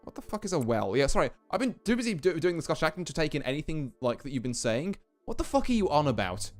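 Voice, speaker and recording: Male game streamer, young, cursing and joking, lively swoopy voice, faint music. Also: a little high, fast talker, few pauses. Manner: swearing, self-mocking, laughing asides. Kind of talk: casual chat while gaming.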